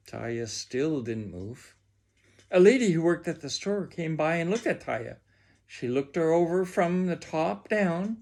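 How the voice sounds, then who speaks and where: A man reading a children's storybook aloud with expressive, drawn-out delivery. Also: on the high side.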